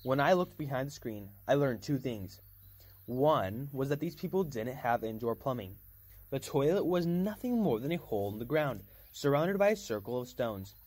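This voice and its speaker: A man's voice: mid-range voice, expressive, normal speed, a little mellow. A man reading a novel aloud in a casual first-person storytelling manner, with small slips and restarts. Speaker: reader.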